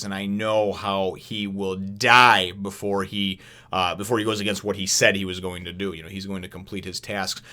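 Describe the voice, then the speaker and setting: Excitable rambling man in his thirties. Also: fairly low pitch. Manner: enthusiastic and rambling, with many restarts, acting out quotes. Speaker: host of a comic review channel. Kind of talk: casual chat review.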